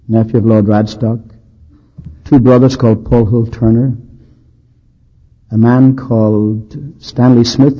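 A male preacher with a husky voice, telling a sermon's historical stories with dry humor and emphasis. The recording sounds dull and lo-fi, like an old tape. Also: medium pitch. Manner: anecdotal, dryly humorous, emphatic.

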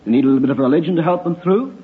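A man's voice: fairly high pitch, racing, husky. An older man quoting a cheerful, self-assured young male pilot in a breezy, offhand tone. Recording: tinny phone-like recording.

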